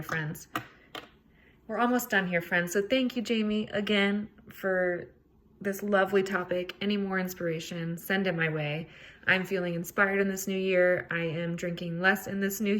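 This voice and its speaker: A woman hosts a solo self-help podcast, speaking in a casual, earnest way and swearing freely. Her voice is medium in pitch with a fairly bright tone.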